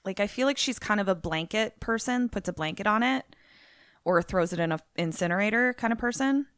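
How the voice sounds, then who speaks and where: A young adult woman co-hosting a podcast, chatting casually and thinking out loud. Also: medium pitch, lively intonation, brisk, no echo, studio quality. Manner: chatty, reacts and guesses aloud. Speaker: podcast co-host. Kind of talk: casual chat.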